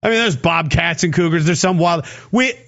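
A man's voice: fairly high pitch, normal speed, a bit bright, muffled recording. A man from Canada, rambling sarcastically and cursing while he talks on a livestream and answers chat. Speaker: streamer reading chat. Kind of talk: casual livestream commentary.

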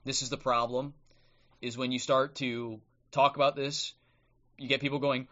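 Level in tone and moderate in pace, this man's mid-range voice sounds fairly bright despite dull audio from his streaming microphone. He hosts a livestream, ranting bluntly and combatively with frequent "okay?" tags, then reads aloud from a book.

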